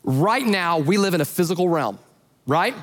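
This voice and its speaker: A man who is a pastor, preaching a sermon as an animated storyteller who acts out the voices in his retellings. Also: sits high, moderate pace, big-room sound.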